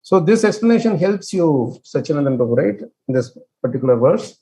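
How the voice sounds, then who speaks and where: A man leading an online scripture class. He explains with many fillers and restarts and chants verses very slowly. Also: on the high side, very animated, warm tone. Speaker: scripture study teacher.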